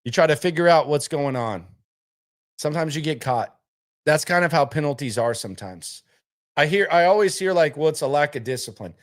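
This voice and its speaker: A man's voice: fairly high pitch, animated, normal speed. A man hosting a live sports talk stream, emphatic and repetitive, hammering his points home and rambling with restarts and asides. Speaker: sports talk show host.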